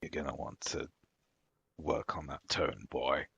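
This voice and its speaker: Low husky guy roleplaying, blunt, dry mic. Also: fairly even intonation, a little slow, fairly bright tone, no echo, dull audio. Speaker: player. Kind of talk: in-character tabletop role-play.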